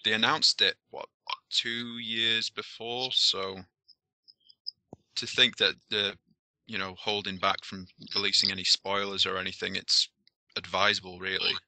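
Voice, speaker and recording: A man's voice: fairly low pitch, flat delivery, a little slow, sharp tone, no room sound. A man chatting casually on a gaming podcast, easygoing and laughing along. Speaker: podcast co-host. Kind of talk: casual chat.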